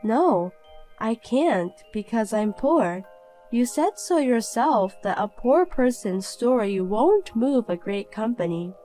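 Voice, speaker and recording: A woman voicing a calm young woman in an animated story who answers back coolly and pointedly. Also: on the high side, slow pace, faint music behind. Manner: cool, pointed replies.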